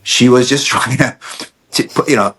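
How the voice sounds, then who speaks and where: A man's voice: medium pitch, moderate pace. A middle-aged man casually telling a family story on a podcast, acting out quotes with lots of restarts. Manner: animated storyteller, acts out quotes, many restarts. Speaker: podcast guest, dentist.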